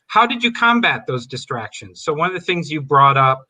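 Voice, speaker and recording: A man hosting a panel over a video call, with an extremely bright, tense voice and a fairly high pitch. He asks rambling questions full of fillers. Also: sing-song, normal speed. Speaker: host. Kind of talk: hosted panel chat.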